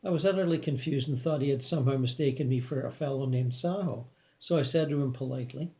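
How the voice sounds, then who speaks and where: A man calmly reads a scripted first-person story about the afterlife in a measured manner. His voice is medium in pitch.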